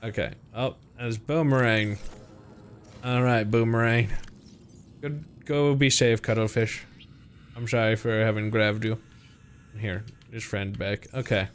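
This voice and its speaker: A man's voice: lowish voice, fairly even intonation, a little slow, pauses often, slight background noise. A young man streaming a game, chatting playfully to his viewers and to the creatures on screen. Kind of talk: casual gameplay commentary.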